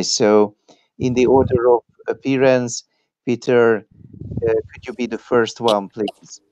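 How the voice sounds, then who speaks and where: A man moderating an online roundtable, measured and unhurried, with fillers. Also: mid-range voice, darkish tone, no room sound, muffled recording. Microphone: video call.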